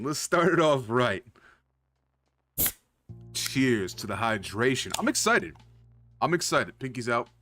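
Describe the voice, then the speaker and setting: Speaking at medium pitch with a fairly bright tone, a man runs his own livestream and chats casually with viewers. He's pumped up, relaxed and profane, addressing the chat directly.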